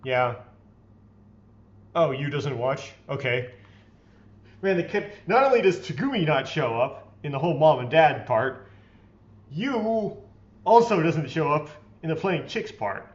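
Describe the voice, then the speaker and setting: A man's voice: a little high, expressive, a little slow, pauses often, muffled recording. A man hosting a let's play, reading visual novel text aloud in a playfully theatrical way and adding his own comments.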